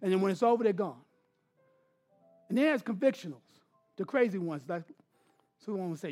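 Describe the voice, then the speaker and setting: A pastor preaches from the pulpit in a strikingly high voice, swinging between hushed, intimate asides and loud, emphatic bursts. He's expressive and brisk, with long pauses, and faint music plays beneath him.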